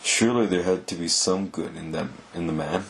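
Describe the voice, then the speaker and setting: A man reads a novel aloud at a calm, steady pace. His voice is low and deep, well suited to a bedtime storybook. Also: brisk, gravelly, slight background noise, poor audio. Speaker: audiobook narrator.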